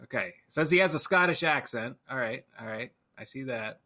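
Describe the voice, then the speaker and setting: A man's voice: mid-range voice, lively intonation, moderate pace, pushed and bright. A man hosting a casual movie podcast, rambling and correcting himself as he talks. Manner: rambling, self-correcting, chuckling. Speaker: podcast host.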